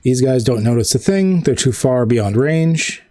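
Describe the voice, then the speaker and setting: A man's voice: medium pitch, expressive, a little slow, warm tone. A man running an online tabletop game as game master. He explains the rules patiently and thinks aloud.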